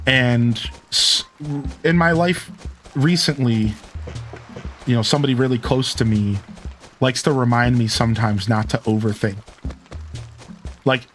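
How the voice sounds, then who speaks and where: A man's voice: medium pitch, a bit bright. A man streaming a game, chatting casually in a rambling, self-interrupting, reflective way. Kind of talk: casual gameplay stream chat.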